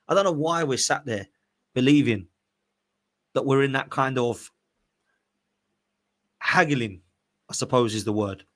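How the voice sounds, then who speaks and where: A man's voice: mid-range voice, fairly bright tone. A man hosting a casual live-stream podcast, opinionated and emphatic, ranting with rhetorical questions. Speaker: podcast host.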